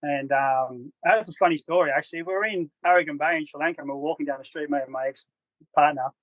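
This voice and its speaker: A man telling a travel story as a podcast guest, lively and acting out what people said in a raised voice. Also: on the high side, fast talker, no room sound, poor audio. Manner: animated, acts out quotes in a raised voice. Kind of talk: casual storytelling.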